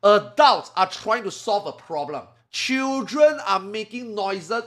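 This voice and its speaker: A man streaming a game, muttering to himself and then breaking into loud, sweary rants, switching between English and Chinese. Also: animated, normal speed, hardly any pauses. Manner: swings from low muttering to loud angry outbursts, swearing. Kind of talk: casual live-stream talk.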